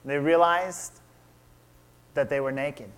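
Man preaching a story, slightly high voice. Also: steady tone, slow, fairly bright tone. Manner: asks the audience questions, acts out quotes. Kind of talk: sermon storytelling.

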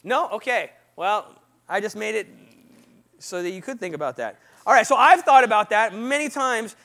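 A man's voice: high voice, normal speed. A man who is no longer young preaching a casual, conversational sermon, often quizzing his listeners with "right?" and "what?". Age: not young. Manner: lively, quizzes the audience with frequent "right?" and "what?".

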